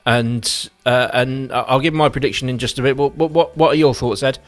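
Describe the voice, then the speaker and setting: A man hosting a radio show, chatting casually and stumbling over quick restarts. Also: mid-range voice, fairly even intonation. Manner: upbeat, bright links into music. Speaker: radio host.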